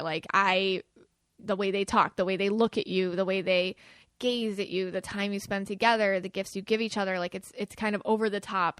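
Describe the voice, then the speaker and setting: A woman's voice: mid-range voice, fairly even intonation, moderate pace, a bit bright, smooth, no echo, studio quality. A woman hosting a podcast, talking casually and chattily, acting out the quoted lines of the people she describes. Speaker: podcast host.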